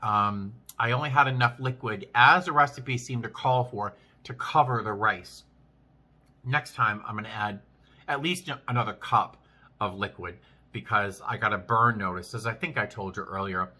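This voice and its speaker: A man casually vlogging while eating, chatting with frequent restarts and pauses to chew. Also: on the low side, pushed and bright. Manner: chatty, chewing between sentences; rambling with many restarts. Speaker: vlogger, flight attendant.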